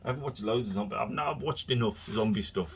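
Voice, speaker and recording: A man's voice: mid-range voice, fast talker, gravelly, a little hiss or hum. A man hosting his own podcast, rambling casually from topic to topic and slipping into exasperated rants. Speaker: podcast host.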